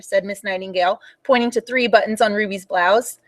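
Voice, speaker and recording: A young woman reading a picture book aloud for children at storytime, in an animated and expressive way. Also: on the high side, fairly quick, hardly any pauses.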